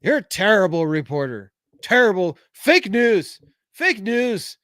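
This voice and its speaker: A man doing a rough impression of a blustering older male politician, repeating insulting catchphrases. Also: high-pitched, big pitch swings, measured pace, fairly bright tone, no room sound, clean studio sound, voice pushed up, heavily acted. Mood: mocking.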